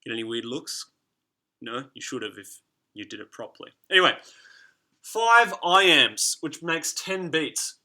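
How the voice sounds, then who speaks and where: A young teacher talks his class through a lesson in a chatty, teasing way, beating out rhythms as he goes. His voice is bright and forward and sits a little high for a man. The delivery is relaxed and friendly throughout. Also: measured pace.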